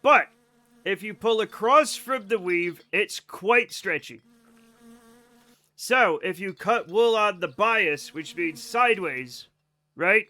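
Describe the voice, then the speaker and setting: A man's voice: sits high, lively intonation, slow, sharp tone. A man streaming a game live, rambling casually to his chat in a self-amused way.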